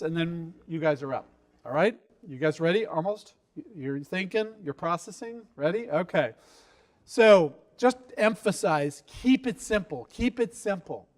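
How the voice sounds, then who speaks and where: A middle-aged man, an investor, giving pitch advice in a lively workshop talk, quizzing his audience and acting out quotes.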